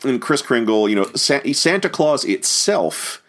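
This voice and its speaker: A man's voice: mid-range voice, sing-song, unhurried, a bit bright. A man giving a rambling film commentary, with many fillers and restarts. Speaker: commentary host.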